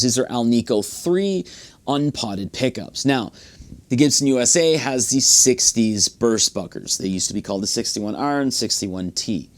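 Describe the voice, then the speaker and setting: Man casually reviewing a guitar. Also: medium pitch. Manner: relaxed, rambling with frequent fillers and restarts. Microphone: studio condenser mic.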